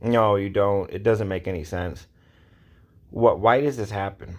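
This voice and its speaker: Guy with a lowish voice venting to camera, fed up, keeps repeating himself. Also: fairly even intonation, a little slow. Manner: exasperated, repetitive, rhetorical. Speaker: vlogger. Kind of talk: casual rant to camera. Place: Los Angeles area.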